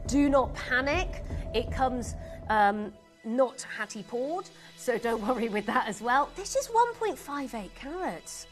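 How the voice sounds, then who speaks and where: A woman's voice: fairly high pitch, expressive, measured pace, soft background music. A woman presenting jewelry on a live shopping channel, chatty and gushing as she greets viewers by name. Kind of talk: live jewelry sales pitch. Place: television studio.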